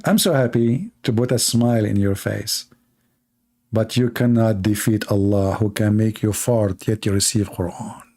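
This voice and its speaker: Guy hosting a livestream, mocking and sarcastic, mellow low-key tone, broken english. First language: Arabic. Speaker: livestream host. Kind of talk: mocking live-stream commentary.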